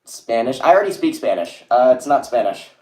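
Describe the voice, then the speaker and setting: A man's voice: medium pitch, expressive, brisk, dark tone. A young man chatting casually on a livestream, rambling and reading viewers' messages aloud. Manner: rambling, reads chat aloud, lots of "like". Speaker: streamer. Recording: echoey room.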